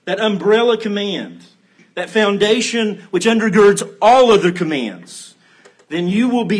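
A man delivering an earnest, emphatic sermon. His voice sits a bit high for a man and has a husky, breathy edge. He leans on key phrases by slowing right down. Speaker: pastor.

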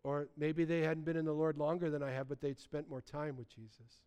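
Man, pastor, sermon, high voice, smooth clear tone, animated conversational delivery. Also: a little fast. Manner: animated, conversational preaching with repeated restarts.

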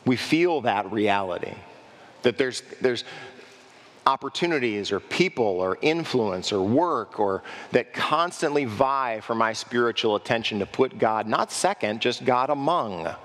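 Preaching pastor in a reverberant hall. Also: male voice, mid-range voice, lively intonation, fairly bright tone. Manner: preaching with rhetorical questions to the congregation; acts out worshippers' voices in quick asides. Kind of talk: sermon.

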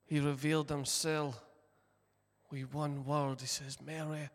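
A man preaching a sermon at a slow, deliberate pace, his fairly high voice ringing out in a large, reverberant hall. He retells a story and acts out its voices, moving between loud, passionate lines and hushed ones. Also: little pitch movement.

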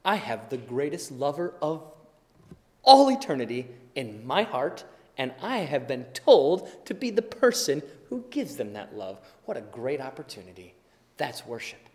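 A pastor giving a sermon in a relaxed, conversational way, acting out little everyday scenes as he goes. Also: medium pitch. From Wisconsin, USA. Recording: long hall reverb.

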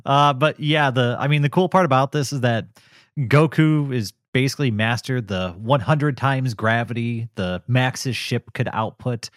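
A man co-hosting a podcast, reviewing episodes in casual chat, enthusiastic and quick to laugh. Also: mid-range voice, no echo, studio quality. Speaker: podcast co-host.

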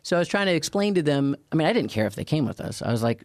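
A man's voice: on the high side, big pitch swings, racing, few pauses, dry recording. A man co-hosting a casual chat, telling stories with dry, self-deprecating humor. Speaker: podcast co-host.

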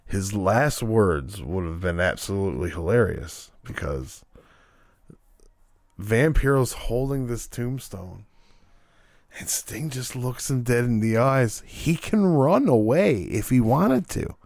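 Animated, profane man chatting. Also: on the low side, takes it slowly, gravelly, dry recording. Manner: profane, animated, laughs often. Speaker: podcast co-host. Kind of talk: casual chat reviewing wrestling.

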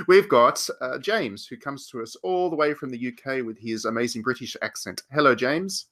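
A man's voice: medium pitch, lively intonation, normal speed, fairly bright tone. A man hosting a podcast, chatting casually and teasing his guests, often laughing. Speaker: podcast host.

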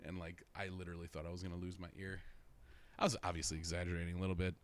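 A man's voice: low-pitched, monotone, very fast. A young man telling a rambling story in casual chat, swearing constantly and laughing through his own stories.

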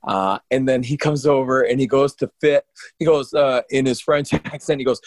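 A man, a pro wrestler co-hosting a podcast, tells stories in an animated, rambling way and keeps restarting his sentences. His voice sits at a middle pitch. The recording is close and dry. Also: moderate pace, no echo. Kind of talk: casual storytelling on a podcast.

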